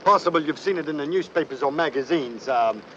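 A man's voice: on the high side, expressive, a little fast, a bit bright, a little hiss or hum. An actor playing a suave, wealthy young man with an affected posh drawl in an old film. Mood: aloof. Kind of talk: 1950s film acting. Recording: dull old film soundtrack.

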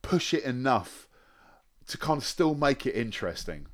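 Halting, sweary man. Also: medium pitch, very animated. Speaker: podcast guest. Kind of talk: casual chat.

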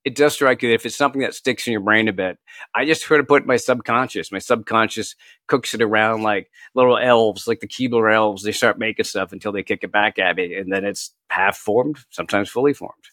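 A man's voice: lowish voice, a little fast, fairly bright tone, dry recording. A middle-aged man, an author guest in a casual interview, chatty and self-deprecating, laughing often as he tells anecdotes. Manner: tells anecdotes with quoted asides.

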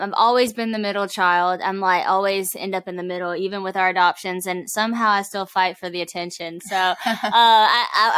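A woman's voice: mid-range voice, a bit bright, clear, resonant tone, dry recording. A young woman in her twenties, a podcast guest, talking in a chatty, earnest way with many fillers and quoted asides. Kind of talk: casual podcast conversation.

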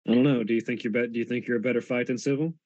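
A man's voice: mid-range voice, steady tone, rapid-fire, darkish tone, no echo. Brash male tabletop player, dry dull sound. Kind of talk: casual chat.

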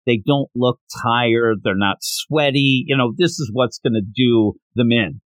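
A man's voice: medium pitch, unhurried, no room sound. A man hosting a podcast, chatting animatedly as he retells a manga chapter. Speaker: podcast host. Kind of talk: casual recap of a manga chapter.

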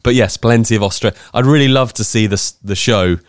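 A man's voice: fairly low pitch, a little fast, clean tone, no room sound, studio quality. A man co-hosting a podcast from home, joking and teasing in casual chat with frequent restarts. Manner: jokey, teasing, trails off in restarts. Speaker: podcast co-host. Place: home, room being decorated.

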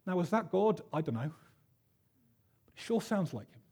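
Husky man preaching a sermon. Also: high voice, big pitch swings, moderate pace, darkish tone. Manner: chatty, self-deprecating storyteller with many fillers. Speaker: pastor. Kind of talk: sermon with personal story.

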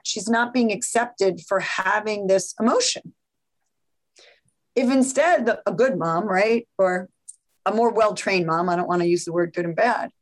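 In a rough recording, a physician from New York, a woman with a slightly high voice, is interviewed on a podcast. Her explanations are animated and filled with examples and quotes.

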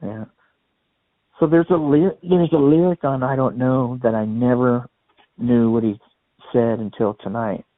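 A man in relaxed podcast conversation, telling studio stories at an easy pace and dropping into little quoted voices now and then. His voice comes through a narrow, phone-like band with no room sound at all. The pitch sits in an ordinary middle range. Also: a little slow, no echo. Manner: relaxed storyteller, quotes others in small put-on voices. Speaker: podcast co-host. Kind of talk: casual chat about a rock album. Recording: dry, thin phone-like sound.

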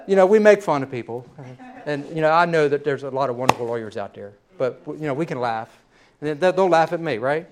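A man's voice: on the high side, lively intonation, moderate pace, long pauses. A middle-aged man from the United States preaching a sermon in a folksy, conversational storytelling manner. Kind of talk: sermon with a told joke.

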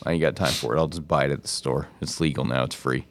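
A man's voice: extremely low pitch, fairly even intonation, quick pace. A man co-hosting a podcast, telling laid-back, profane stories in casual chat. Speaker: podcast co-host.

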